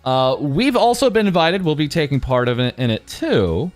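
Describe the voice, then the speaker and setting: A man's voice: on the high side, very animated, moderate pace, soft background music. A man hosting an interview, asking questions casually with frequent hesitant fillers. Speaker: interviewer host.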